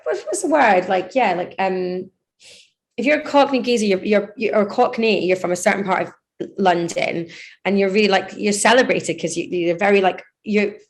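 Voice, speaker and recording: A woman's voice: medium pitch, normal speed. A woman DJ and producer in her thirties, chatting loosely in an interview, rambling and laughing often. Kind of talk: casual interview chat.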